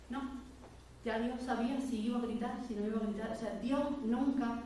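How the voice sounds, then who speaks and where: A woman's voice: fairly high pitch, fairly even intonation, fast talker, warm tone. Woman preaching, telling her story and doing the voices, super echoey church, a bit far off the mic, faint hiss. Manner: storytelling, acting out quoted voices, candid. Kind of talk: personal testimony sermon. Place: church hall.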